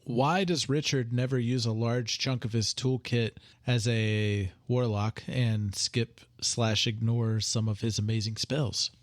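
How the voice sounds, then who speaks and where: A man's voice: medium pitch, steady tone, unhurried, few pauses, no room sound. A man co-hosting a casual podcast over a call, with dry interjections, who also reads listener questions. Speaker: podcast co-host. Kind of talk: casual group chat.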